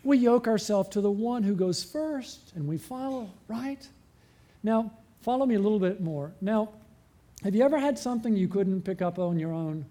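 A man preaching a sermon as pastor, asking the congregation frequent rhetorical questions and slowing and dropping his voice for emphasis. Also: sits high. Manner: varies pace and loudness, slowing and dropping for emphasis.

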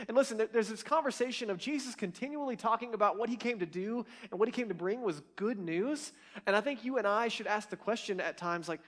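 Man, pastor, sermon, high voice, lively, casual, enthusiastic. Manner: casual, energetic, enthusiastic storytelling with playful acted-out quotes.

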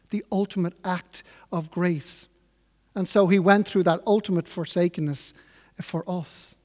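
A man delivers a sermon, earnest and reflective, moving at a measured pace. His voice sits high for a man. Each phrase rings on in a long, church-like reverb. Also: darkish tone. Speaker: preacher.

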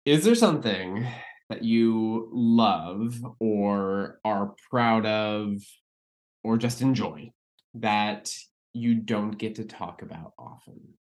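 A woman's voice: rumbling low, takes it slowly, darkish tone. A woman hosting an interview who asks questions and responds with encouragement. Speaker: interview host. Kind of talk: casual interview chat.

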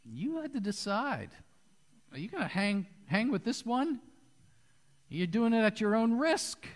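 A pastor with a fairly high voice preaches a sermon to his congregation in an animated, storytelling style, speaking a little slowly. A long hall reverb makes it sound like he's in a church sanctuary.

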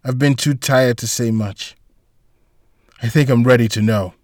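A man's voice: mid-range voice, steady tone, a little slow, dry recording, studio quality, close to an everyday voice. A man reading a terse suspicious woman boss. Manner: blunt, guarded, clipped questions.

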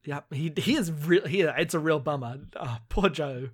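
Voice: mid-range voice, normal speed, breathy edge. A podcast co-host chatting casually about a book, laughing a lot and swearing freely. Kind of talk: casual chat recapping a book.

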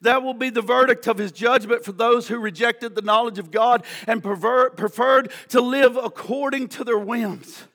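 A male pastor preaching a sermon, slow and drawn out, swinging from hushed tones to shouting, repeating key lines for emphasis. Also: extremely high pitch.

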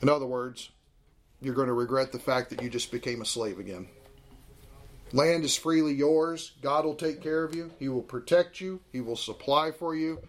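A man in his thirties teaching a Bible class in a conversational, animated way. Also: mid-range voice, normal speed.

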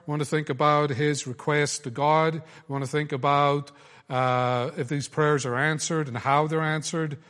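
An Irishman leading a group Bible study in a relaxed, chatty way with many fillers. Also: on the high side, moderate pace, smooth. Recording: long hall reverb.

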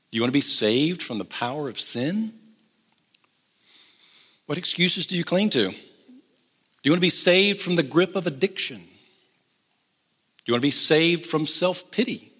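A middle-aged man with a drawl delivers a sermon, moving from pointed questions to easygoing humor. His pitch is animated and swings widely. The sound rings out in a large hall with long reverb. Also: moderate pace, long pauses, breathy edge. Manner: conversational, joking asides. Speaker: pastor.

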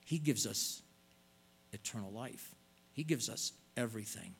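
A man's voice: lowish voice, animated, unhurried, vocal fry, a bit bright, breathy edge. An older man preaching a sermon in an earnest way, stretching out words and pleading as he stresses points.

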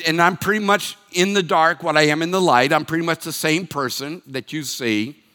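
A man in his sixties, a pastor from Massachusetts, preaching in a candid, self-deprecating, conversational way that swings between emphatic and quiet. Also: mid-range voice. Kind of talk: conversational sermon. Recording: long reverb of a hall.

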